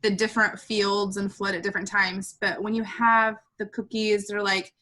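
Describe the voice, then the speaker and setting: A woman's voice: medium pitch, level tone, normal speed, pushed and bright. A woman asking the instructor a curious, friendly question during a live online class. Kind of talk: casual question.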